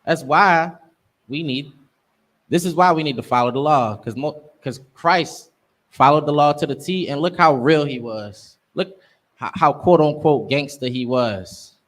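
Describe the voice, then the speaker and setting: A man's voice: a little high, measured pace. A young man teaching a scripture class, preaching emphatically in street slang. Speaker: class instructor.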